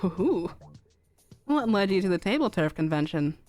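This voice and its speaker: A woman voicing a sly, playful young woman with a drawn-out, showy delivery. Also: on the low side, sing-song, a little mellow, soft background music. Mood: smug. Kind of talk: fanfic read-aloud on stream.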